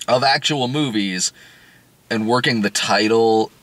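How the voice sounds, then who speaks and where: A man casually reviewing a film in conversation, animated and often laughing. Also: medium pitch, measured pace, dry recording.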